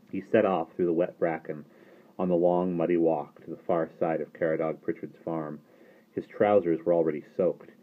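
A man reading a novel aloud in a steady storytelling delivery. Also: low-pitched. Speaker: reader. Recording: tinny phone-like sound.

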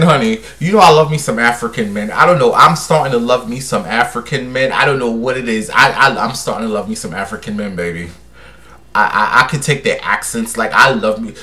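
A man's voice: mid-range voice, lively intonation, a little fast, sharp tone. A man hosting a casual gossip livestream, sassy and brash as he talks to his viewers. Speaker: livestream host.

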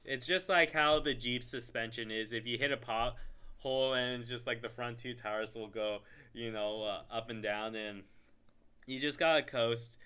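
Laid-back man, bright smooth voice. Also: medium pitch. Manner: laid-back rambling storyteller, many "like"s. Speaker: podcast co-host. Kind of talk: casual chat.

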